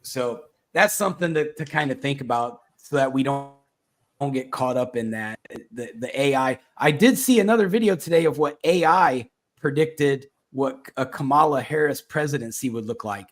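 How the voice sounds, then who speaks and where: A man hosting a casual political talk show, rambling in a halting way with lots of fillers and restarts. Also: mid-range voice, lively intonation. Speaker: podcast host.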